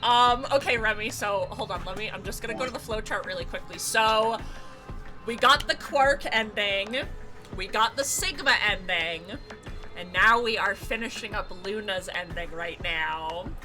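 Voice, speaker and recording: A young woman streaming a game, excitable and loud, swearing, laughing and screaming as she plays. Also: mid-range voice, normal speed, faint music behind. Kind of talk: let's play commentary.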